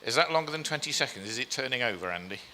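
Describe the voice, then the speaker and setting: Talking very fast, a man with a mid-range, bright, forceful voice and lively intonation presents slides to a live crowd in an event hall. He's chatty, pokes fun at himself, says um often, and asks the audience questions. A long hall reverb is present.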